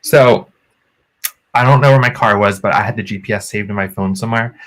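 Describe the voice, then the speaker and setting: Animated man telling a story. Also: fairly low pitch, brisk. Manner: animated, acts out quotes in raised voices. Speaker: podcast co-host. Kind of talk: casual storytelling chat.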